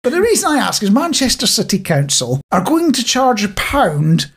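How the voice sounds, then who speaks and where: Scottish guy cohosting a chatty podcast, bit husky, jokey quizmaster vibe. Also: high-pitched, wildly swooping pitch, normal speed. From Scotland. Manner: joking, teasing quizmaster. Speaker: podcast co-host. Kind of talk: casual chat. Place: home recording in Nottinghamshire.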